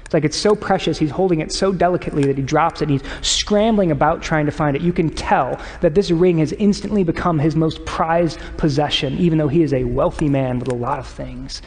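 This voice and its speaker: A man preaching a sermon as pastor, earnest and conversational, at times dropping to a hushed voice. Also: a little high, a little fast, few pauses, slight background noise. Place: church sanctuary. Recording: long church reverb.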